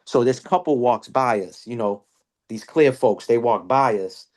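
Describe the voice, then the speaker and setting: A man, telling a story in a slang-filled casual chat and jumping up in pitch whenever he quotes people. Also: measured pace. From Boston area. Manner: animated storyteller, slang-heavy, jumps high when quoting people. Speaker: podcast host.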